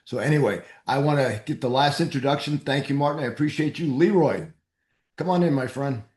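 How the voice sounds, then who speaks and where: A man's voice: mid-range voice, fairly quick, a little mellow, roomy sound. A man from New England with a Boston-area accent, hosting a men's group call in an upbeat, encouraging way. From New England, USA. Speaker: host of a men's mastermind group.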